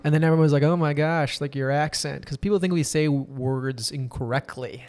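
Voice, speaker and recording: A man's voice: fairly high pitch, steady tone, brisk, a little mellow. A young man from Minnesota with a Minnesotan accent, chatting casually as a podcast guest in a playful, joking way. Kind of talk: casual chat.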